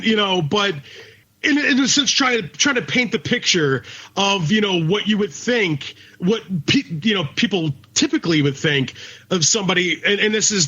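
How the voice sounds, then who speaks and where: A man's voice: high voice, bright, forceful tone. A man co-hosting a casual podcast, talking in a blunt, profane rant. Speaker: podcast co-host. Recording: dull lo-fi recording.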